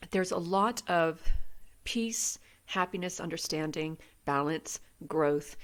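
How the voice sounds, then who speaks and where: A woman in her fifties giving a casual, spiritual tarot reading, gentle and easily moved to emotion. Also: on the low side. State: welling up with tears. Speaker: tarot reader.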